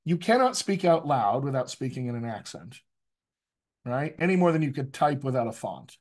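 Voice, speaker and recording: A man's voice: mid-range voice, normal speed. A middle-aged man, a dialect coach, talking energetically to a group and checking in with "right?" as he goes. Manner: lively, addresses the group directly, frequent "right?" tags. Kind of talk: energetic workshop talk.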